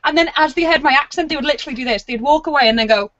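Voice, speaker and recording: A woman co-hosting a podcast who tells stories in a lively, animated way. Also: high voice, very fast, no room sound. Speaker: podcast co-host. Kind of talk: casual chat. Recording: dull, dry lo-fi line.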